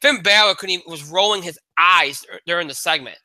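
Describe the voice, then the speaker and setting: Bright, high-voiced male podcast co-host. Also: brisk, no room sound. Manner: rambling, restarts, frustrated. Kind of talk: casual sports chat.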